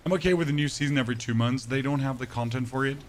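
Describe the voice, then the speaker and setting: A man's voice: medium pitch, slight background noise. Opinionated man talking games casually. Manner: candid, opinionated, halting restarts. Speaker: gaming streamer. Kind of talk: casual gameplay commentary.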